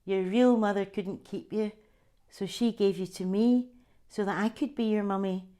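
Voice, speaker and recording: A gentle Scottish mother, voiced by a woman, speaks softly and soothingly. Her tone stays tender. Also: medium pitch, fairly even intonation, normal speed, natural voice. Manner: soft, soothing. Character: gentle, tearful mother of young children.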